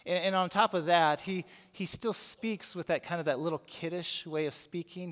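A man's voice: high-pitched, moderate pace, few pauses, fairly bright tone. A male pastor preaching a sermon, telling a story with frequent restarts and repeated words. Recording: long reverb of a large hall.

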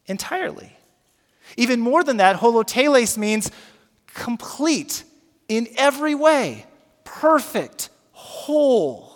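A male pastor preaching a sermon, moving from hushed, slow prayer to loud emphatic teaching, and leading his congregation in repeating words. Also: very high-pitched, very animated. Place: church sanctuary. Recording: long reverb of a large hall.

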